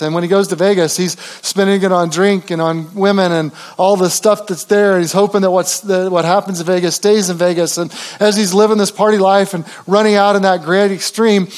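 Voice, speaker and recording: Guy preaching, high voice, chatty storytelling, lots of ums and restarts, goes soft then loud. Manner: conversational storytelling preaching with many fillers and restarts; voice drops low and quiet in tender passages, rises for quoted speech. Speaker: pastor. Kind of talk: sermon.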